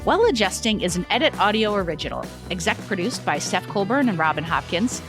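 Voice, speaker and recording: A woman's voice: medium pitch, sing-song, a little fast, over music. A woman hosting a podcast, reading her segments and sign-off with chatty, playful asides. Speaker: podcast host. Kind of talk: scripted podcast narration.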